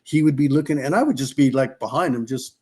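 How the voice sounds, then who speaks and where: A man's voice: mid-range voice, fast, a little mellow, slightly rough. A middle-aged man from California tells old racing stories on a podcast. He rambles loosely, breaks off and restarts his sentences, and slips into the voices of the people he quotes. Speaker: podcast guest, former off-road racer. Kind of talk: casual storytelling.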